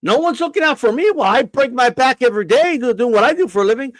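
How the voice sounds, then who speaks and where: A man's voice: very high voice, lively intonation, quick pace, no echo. A man hosting a boxing live stream, ranting defiantly and profanely, often stammering and repeating himself. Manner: stammers and restarts.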